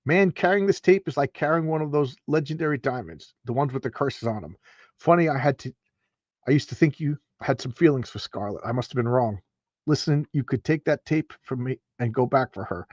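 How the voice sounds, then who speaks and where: A man's voice: medium pitch, fairly quick, no echo, muffled recording, close to an everyday voice. A man reading out a loyal male soldier from a comic, heated and pleading. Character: loyal male soldier, desperate for his friend.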